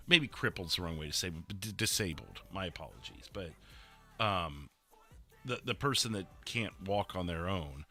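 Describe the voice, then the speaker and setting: A man with a Midwestern accent chats on a live stream. His voice sits low but comes through bright and forward. He rambles and doubles back often, and soft music plays underneath. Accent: Midwestern American. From American Midwest. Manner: rambling, halting with many fillers and restarts. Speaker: streamer and roleplay dispatcher. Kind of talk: casual chat. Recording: faint music behind.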